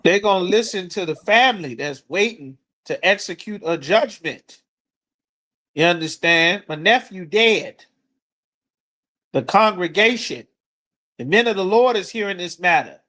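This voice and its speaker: A man teaching scripture to a class in a blunt, forceful preaching manner with coarse language. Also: sits high, lively intonation, unhurried. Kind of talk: street-corner scripture teaching.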